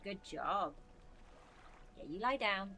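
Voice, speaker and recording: A chatty woman streams a game from home, her voice sitting at an ordinary middle pitch. She breaks off to coax and coo at her dog, then drifts back to casual chat. A faint hum of room noise stays under her voice. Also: lively intonation, slow, pushed and bright, rough recording. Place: home room with a fan running.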